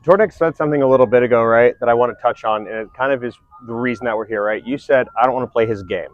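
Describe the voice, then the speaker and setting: A man's voice: mid-range voice, racing, dry recording. A man teaching combat analysis, explaining step by step and often checking in with "right?". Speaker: combat instructor. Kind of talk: teaching discussion. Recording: dull lo-fi recording.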